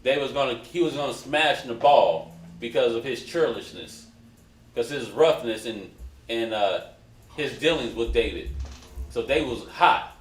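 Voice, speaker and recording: A man's voice: mid-range voice, expressive, unhurried. A man leading a Bible study class, explaining a passage in a casual, conversational way and calling on others to read. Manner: conversational, directs readers, restarts often. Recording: roomy echo.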